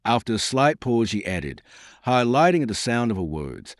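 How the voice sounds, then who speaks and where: A man narrating a historical novel as an audiobook, in a measured, expressive reading on a close mic. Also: medium pitch, no room sound. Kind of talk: storybook narration.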